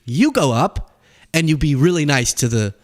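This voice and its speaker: A young man hosting a casual political commentary show, telling stories and acting out the people in them. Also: moderate pace. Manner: animated storytelling, acts out quoted people in high voices.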